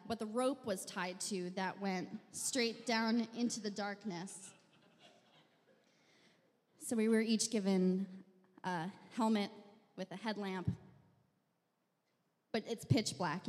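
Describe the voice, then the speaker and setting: A young woman telling a funny personal story on stage in a wry, self-mocking, deadpan way. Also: on the high side. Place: live venue stage. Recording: long hall reverb.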